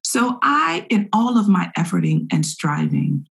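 A middle-aged woman speaking as a guest in a candid conversation, earnest and expressive, sometimes acting out her own inner thoughts. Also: fairly low pitch, unhurried, gravelly.

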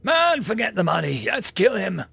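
A man doing a rough, threatening street mugger. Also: sits high, sing-song, moderate pace, bright, forceful tone, dry recording, soft background music, pitched above the performer's own voice, full character voice. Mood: menacing. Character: hostile male street mugger, young, coarse.

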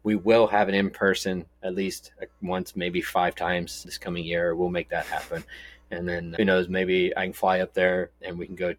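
A man's voice: deep voice, flat delivery, moderate pace. A middle-aged man from Texas, co-hosting a podcast in casual, rambling chat full of stories and jokes. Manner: rambling, storytelling, jokey. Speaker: podcast co-host.

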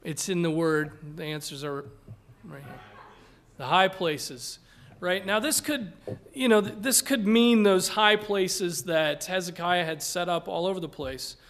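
A male pastor delivering an expository sermon at an unhurried, deliberate pace. His voice sits a little high for a man. He presses his points with emphasis and keeps asking "right?" to draw listeners along. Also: a bit bright. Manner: earnest and emphatic, often tags "right?", repeats words.

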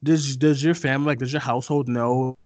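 A man's voice: medium pitch, steady tone, fairly quick, darkish tone, dry recording. A young adult man hosting a casual podcast interview, rambling with many fillers and restarts. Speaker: podcast host.

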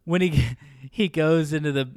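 A man in casual chat with a friend, excitedly retelling sitcom scenes and acting out the characters' lines. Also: a little high, a little slow, clear, resonant tone, no room sound, studio quality. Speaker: podcast co-host.

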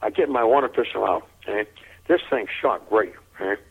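An older man telling a lively anecdote in an interview, chuckling often and repeating his words as he goes. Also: lowish voice, moderate pace, vocal fry, husky. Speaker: interview guest. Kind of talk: anecdotal storytelling. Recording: tinny phone-like line.

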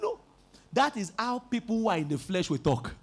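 Speaking at a moderate pace, this pastor has a high, sing-song voice with a breathy edge. His sermon is emphatic, built on call-and-response as he urges the congregation to echo his words.

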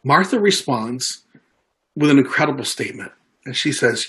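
A man's voice: mid-range voice, expressive, moderate pace, fairly bright tone. A man preaching a sermon in a conversational way, stumbling into restarts and acting out quoted lines. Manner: conversational preaching, frequent restarts and repeated words. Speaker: pastor.

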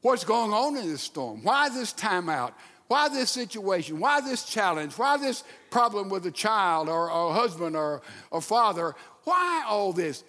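High-voiced preaching man in a reverberant hall. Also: sing-song, pushed and bright. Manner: emphatic preaching with dramatic pauses. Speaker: pastor. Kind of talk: sermon.

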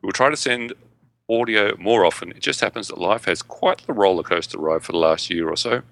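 A man's voice: deep voice, brisk, vocal fry, a bit bright, no room sound. A man co-hosting a gaming podcast, reading a listener email aloud with a jokey manner. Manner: jokey, tries silly accents. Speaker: podcast co-host.

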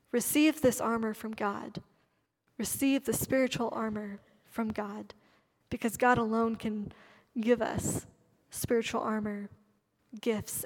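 A woman preaching a sermon, slowing down to stress key words. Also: fairly high pitch, a little mellow, in a large hall. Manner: emphatic, stresses key words with slowed delivery.

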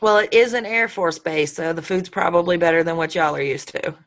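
A woman's voice: on the low side, a little fast. A woman hosting a casual online chat, rambling and profane and laughing often. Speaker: host. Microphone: online call.

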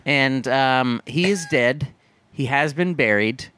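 A man cohosting a movie podcast in casual comedic chat, deadpan, with silly voices for bits. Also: mid-range voice, slow, clean tone. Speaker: podcast co-host.

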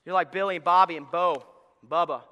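High-voiced pastor in a reverberant hall. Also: male voice, fast. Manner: animated storytelling with acted-out voices; swings from quiet asides to loud shouts. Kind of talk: sermon.

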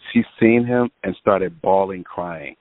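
Slow and low-pitched, a man who produces music recounts a story in casual talk, voicing what others said and filling gaps with fillers. The audio is dry and tinny, as if over a phone.

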